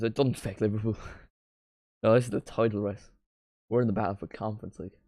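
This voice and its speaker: A man hosting a live football watchalong, his voice sitting fairly low. He rambles casually between quick play-by-play calls, recorded dry and close with little room sound. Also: a little mellow, no echo. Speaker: watchalong streamer.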